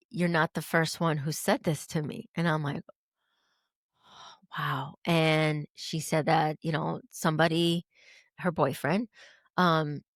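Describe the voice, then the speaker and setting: A woman guest telling a personal story in a lively way, acting out the dialogue she quotes. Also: sits low, dry recording, clean studio sound. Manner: animated, acts out quoted dialogue. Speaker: podcast guest.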